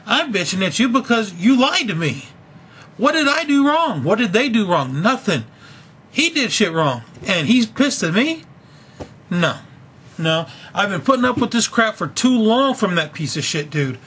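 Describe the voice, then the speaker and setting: A young man with a high, bright, husky voice vents to his webcam in a casual video blog. He rants angrily and swears freely as he tells his story. The delivery is raw and unpolished. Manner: angry, ranting, profane. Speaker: video blogger. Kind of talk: casual venting vlog.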